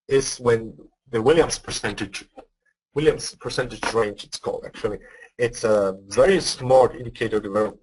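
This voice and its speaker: A man's voice: on the low side, a little mellow, husky, rough recording. A man presenting a live trading webinar, explaining step by step, often checking whether listeners follow. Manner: explanatory, asks for feedback, repeats words.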